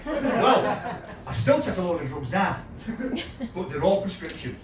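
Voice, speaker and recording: A man in his fifties with a Yorkshire accent, doing a sweary, deadpan stand-up set in a small pub room. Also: high-pitched, measured pace, echoey room, distant mic, crowd noise, poor audio. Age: 50s. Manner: crude, swearing, deadpan storytelling. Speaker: stand-up comedian. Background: audience laughter.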